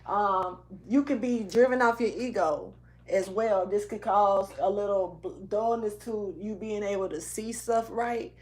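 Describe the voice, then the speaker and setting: A woman reads tarot in a loose, slangy, rambling way, sometimes slipping into a half-rapped rhythm. Her voice sits at an ordinary middle pitch. She moves around indoors, so she drifts away from the camera mic at times. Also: a little slow, a little mellow. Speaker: tarot reader. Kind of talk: casual tarot reading. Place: indoors, moving around the room.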